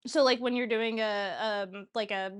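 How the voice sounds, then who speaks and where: A woman's voice: a little high, steady tone, unhurried, clean tone. A woman in her thirties chatting casually while hosting a cooking livestream, rambling and laughing often. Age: 30s. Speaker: cooking show streamer.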